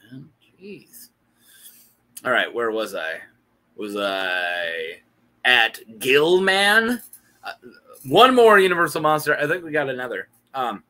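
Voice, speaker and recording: A man's voice: on the high side, sharp tone. A young man hosting a casual, joking video chat, who laughs often and banters with himself. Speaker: YouTube host.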